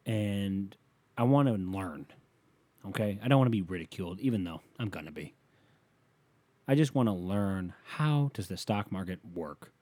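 A man's voice: deep voice, expressive, moderate pace, a little mellow. A man hosting a solo podcast, ranting in a rambling, profane way, with a slight lisp on his s sounds. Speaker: podcast host.

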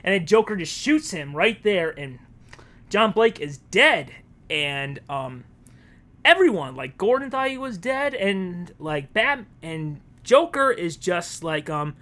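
Animated man retelling a story. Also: sits high, unhurried. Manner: animated storyteller, acting out characters' lines. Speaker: podcast co-host. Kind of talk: casual chat, retelling a story.

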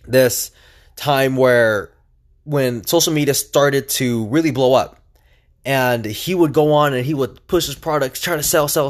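A young man talking alone on his podcast in a casual, energetic and chatty way, with lots of fillers and restarts. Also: mid-range voice. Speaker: podcast host. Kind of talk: casual solo podcast monologue.

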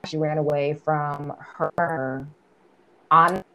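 A woman's voice: low-pitched, steady tone, slow, a bit bright, a little hiss or hum. A woman co-hosting a movie podcast, talking in loose, easy chat. She is blunt and swears freely, and she slips into playful mimicry as she retells scenes. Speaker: podcast co-host reviewing a film. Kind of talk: casual chat.

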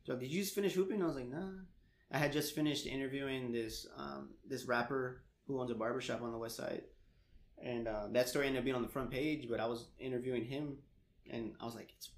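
A young man in casual chat, an animated storyteller who laughs often and swears casually. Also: mid-range voice, fast. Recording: echoey room.

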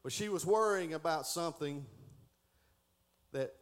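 A man's voice: a little high, measured pace. A middle-aged man giving a folksy Sunday school lesson, stumbling and restarting as he reads aloud.

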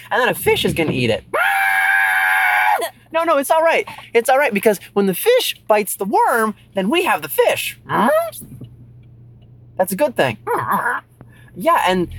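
In a playful one-sided skit, a storyteller talks to an unseen zombie friend, animated, patient and teasing as if coaxing a child. The voice is mid-range against a noisy background.

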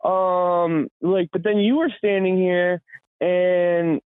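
A man voicing a confused elderly woman with dementia in a high, wavering old-lady voice, heard through a tinny, phone-like line. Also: steady tone, slow pace, clear, resonant tone, dry recording.

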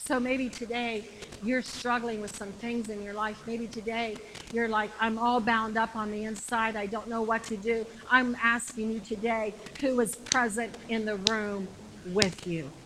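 A woman preaching a sermon with passion, repeating phrases and shouting the climactic lines. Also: a little high, steady tone, unhurried, noisy background.

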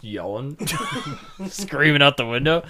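Storytelling podcast guy, slightly high voice, talking over loud group chatter. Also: normal speed. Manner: animated, profane storytelling. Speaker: podcast co-host. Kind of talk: casual chat among friends.

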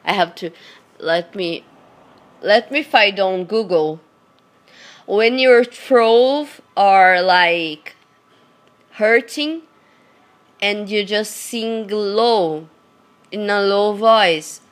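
Woman, Brazilian Portuguese accent, hoarse throat, slow unhurried talk, pauses to find English words, casual vlog chat. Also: mid-range voice. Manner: halting, searching for English words. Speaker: vlogger.

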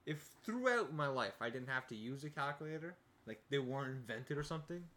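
A laid-back young man chats on a podcast mic at a middle pitch. He pokes fun at himself and breaks into laughs easily. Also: animated, a little fast, bright, forceful tone. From Canada. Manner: laid-back, self-deprecating, laughs often. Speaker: podcast co-host. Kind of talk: casual podcast banter. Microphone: studio podcast mics.

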